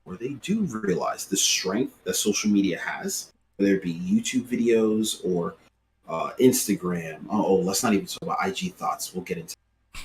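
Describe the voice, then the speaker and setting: Animated Brooklyn man telling stories. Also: sits low, normal speed, slight background noise. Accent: New York. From Brooklyn, New York. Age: late 30s. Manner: storytelling, animated, swears casually. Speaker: podcast co-host. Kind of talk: casual podcast chat.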